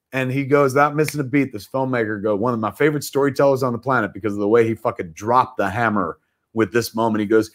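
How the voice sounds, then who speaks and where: Animated middle-aged man telling a story. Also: mid-range voice, fast talker. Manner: animated storyteller, swears freely, acts out quotes. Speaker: guest filmmaker. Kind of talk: livestream anecdote telling. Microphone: video call.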